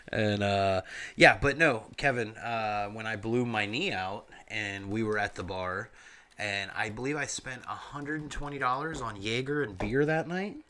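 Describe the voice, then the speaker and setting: A man co-hosting a podcast and telling a rowdy bar story in a bright, forceful voice. He swears freely and gets loud and animated when he acts out his own lines. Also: lowish voice, a little slow, a little hiss or hum. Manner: loud, profane, animated when quoting himself. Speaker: podcast co-host.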